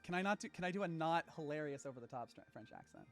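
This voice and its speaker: A man playing a tabletop role-playing game, narrating his character's actions in animated chat and laughing often. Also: fairly high pitch, fast talker, gravelly, faint music behind. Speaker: player.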